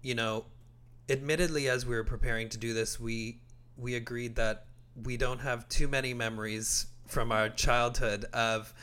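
Steady Canadian man recounting facts. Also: mid-range voice, normal speed, smooth. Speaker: podcast co-host. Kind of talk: casual chat.

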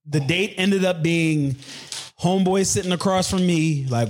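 A man talks as a podcast guest, loose and full of slang. He restarts his sentences often while telling a dating story. His voice sits slightly high. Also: measured pace, a little hiss or hum. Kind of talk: casual storytelling.

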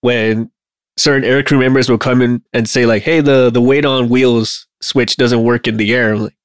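A man's voice: mid-range voice, fairly even intonation, moderate pace, no room sound, clean studio sound. A man who works as an aircraft line mechanic, chatting animatedly, swearing freely and laughing often. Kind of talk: casual shop talk.

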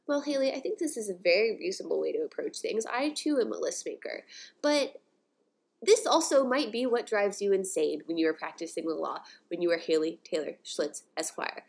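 Young american woman podcasting, chatty and sarcastic, mid-pitched voice. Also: fairly quick, gravelly, breathy edge. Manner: chatty and sarcastic, with animated asides. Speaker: podcast host. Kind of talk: casual commentary on articles.

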